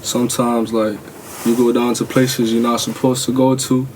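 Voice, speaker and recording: Guy chilling, monotone, far from mic, bit of background noise. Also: medium pitch, normal speed. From London. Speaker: photographer and videographer. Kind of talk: casual introduction.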